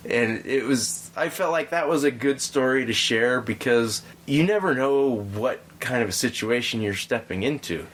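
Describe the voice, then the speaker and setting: A man hosting a podcast, telling a story in a relaxed, rambling way with frequent restarts. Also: mid-range voice, normal speed. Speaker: podcast host. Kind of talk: casual storytelling chat.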